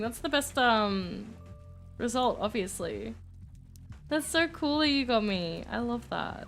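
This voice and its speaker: A woman streamer in casual live-stream chat, excitable, loud and gushing. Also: fairly high pitch, slow, vocal fry, soft background music.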